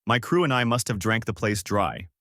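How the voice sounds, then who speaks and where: A man voicing a loud, easygoing pirate captain. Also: on the low side, moderate pace, no room sound, clean studio sound. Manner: relaxed, breaks into shouting. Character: easygoing adult male pirate captain, laid-back and loud.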